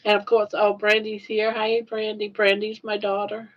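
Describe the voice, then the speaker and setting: A woman's voice: mid-range voice, monotone, moderate pace, highs cut off. An older woman crying on a casual livestream, tearful and grateful as she thanks her viewers. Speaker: crochet livestreamer.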